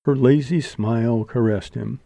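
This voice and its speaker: Dark mellow male audiobook narrator. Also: mid-range voice, unhurried, vocal fry, dry recording. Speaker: audiobook reader. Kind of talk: scripted narration.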